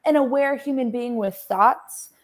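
A woman's voice: high-pitched, unhurried. A young woman from Texas, a singer-songwriter guest, chatting casually over a remote feed and filling her talk with "like". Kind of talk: casual interview chat. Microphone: remote call feed.

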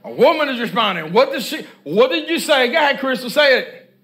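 A man's voice: very high voice, sing-song, brisk, fairly bright tone. A man preaching a sermon, reading scripture and calling on the congregation to answer his repeated questions. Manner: reads scripture and stops to comment. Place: church with congregation.

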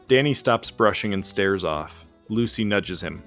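A man's voice: lowish voice, expressive, unhurried, fairly bright tone, soft background music. A man narrating an improvised comic story, setting scenes like a screenplay.

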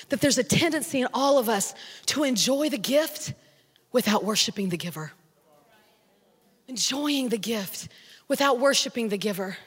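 Animated woman pastor preaching. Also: on the high side, husky. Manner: animated storytelling, rising to shouts. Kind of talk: sermon. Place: large church hall. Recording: long hall reverb.

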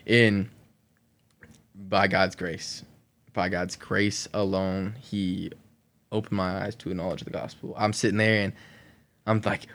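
Guy telling his story on a podcast, kinda low voice, animated, laughs a lot, says like a bunch. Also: a little slow, long pauses. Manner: animated, frequent laughter, many "like" fillers. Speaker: guest sharing his conversion testimony. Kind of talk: emotional personal storytelling in a podcast conversation.

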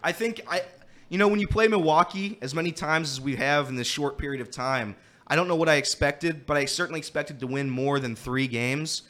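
Fairly high-pitched and brisk, a guest host on casual sports radio shares stories with plenty of laughter. He's an animated storyteller who complains about a throat thing.

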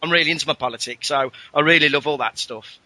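A man rattles along quickly as a chatty podcast guest. His voice is very bright and cutting, and it sounds dry and close. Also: on the high side, no room sound. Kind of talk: casual chat.

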